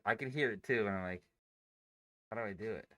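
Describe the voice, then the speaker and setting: A man's voice: lowish voice, fairly quick, a bit bright, no room sound. A man hosting a day-trading livestream, chatting casually, joking and swearing. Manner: joking, loose and profane.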